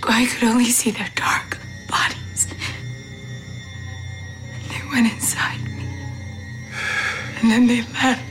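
An actress playing a frightened, possessed young bride in a horror film clip, speaking in a breathy whisper. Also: female voice, fairly high pitch, level tone, slow, long pauses. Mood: haunted. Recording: film clip from a distance, with scary music. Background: scary music.

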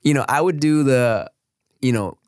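A man co-hosting a podcast in casual, profane chat, his throat a little rough from a cold. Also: mid-range voice, moderate pace, a little mellow, dry recording, studio quality. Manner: swearing, storytelling, playful. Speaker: podcast co-host.

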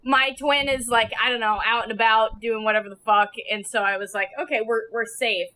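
A woman's voice: a little high, little pitch movement, a little fast, over a noisy crowd. A young woman co-hosting a podcast, telling a story in a chatty way, full of filler words and giggles. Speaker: podcast co-host. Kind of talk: casual chat, storytelling.

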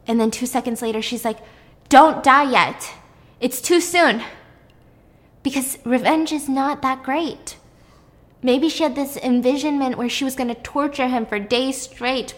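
A young woman casually recapping a film's plot in animated detail, swearing freely as she goes. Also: high-pitched, in a large hall.

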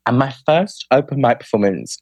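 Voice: medium pitch, animated, normal speed, a little mellow, slightly rough, no echo. A young adult spoken word poet, a guest on a podcast, telling stories casually and filling speech with "like". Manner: chatty, fills speech with "like", acts out quoted friends. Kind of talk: casual storytelling interview.

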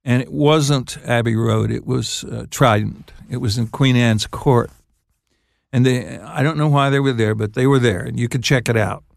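An older man, a songwriter guest on an interview show, telling stories in a halting, laughing way. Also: medium pitch, gravelly, dry recording, studio quality. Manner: halting, restarts phrases, laughs while telling. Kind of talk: casual storytelling interview.

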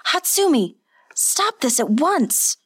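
Urgent high-voiced noblewoman, a woman putting her on. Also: sing-song, takes it slowly, heavily acted. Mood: alarmed. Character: commanding compassionate noblewoman.

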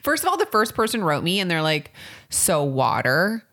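A woman in her thirties co-hosting a casual podcast, telling stories in an animated way and laughing often. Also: medium pitch, quick pace. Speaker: podcast co-host. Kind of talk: casual chat.

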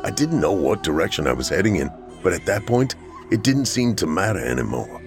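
Deep-voiced man narrating a horror tale. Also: very animated, a little fast, soft background music. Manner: dramatic, acts out frightened lines. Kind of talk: scripted first-person horror narration.

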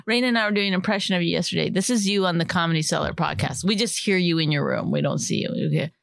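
A woman co-hosting a podcast with her husband, trading teasing banter and slipping into mock voices to make a point. Her voice sits a little low for a woman. The sound is dry and close, with no room around it. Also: quick pace, creaky, dry recording. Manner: teasing, animated, mimics voices. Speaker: podcast co-host.

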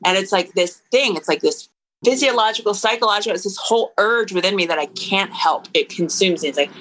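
A woman in her thirties, a podcast guest, talking in an earnest, reflective way with lively bursts. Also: mid-range voice, brisk, poor audio. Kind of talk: casual interview conversation.

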